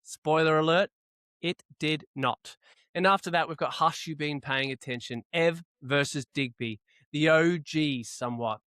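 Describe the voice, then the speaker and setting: A man hosts a casual podcast with a brisk, wry delivery. His voice is smooth and resonant, sitting a little high, and the sound is dry and close. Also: a bit bright, no room sound. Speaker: podcast host. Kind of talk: casual chat.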